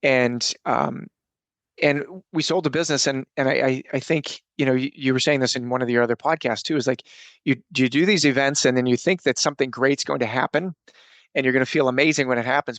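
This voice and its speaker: Middle-aged male guest with a gravelly voice, earnest storytelling, dry close mic. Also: medium pitch, steady tone, fast, fairly bright tone, dry recording. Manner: earnest, rambling with frequent restarts. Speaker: podcast guest, coach and speaker. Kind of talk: casual interview storytelling.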